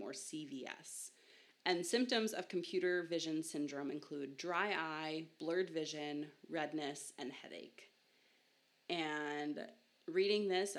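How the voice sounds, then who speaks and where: Podcast host: young woman, low pitch, casual and self-mocking, laughs easily. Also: a bit bright. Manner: chatty, self-deprecating, laughs often. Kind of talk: casual science podcast talk.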